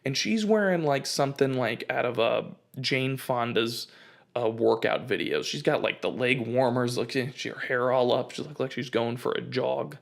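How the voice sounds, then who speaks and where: A man in his twenties with a gravelly, fry-edged voice at a middling pitch. He hosts a casual comedic rant and rambles through his anecdotes with lots of fillers. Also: normal speed. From United States. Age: 20s. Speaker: host.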